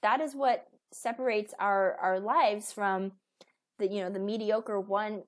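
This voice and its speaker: This woman in her thirties, a weight loss coach, talks at a measured pace in a mid-range voice with fairly even intonation. Her motivational talk is casual and chatty, full of fillers and false starts.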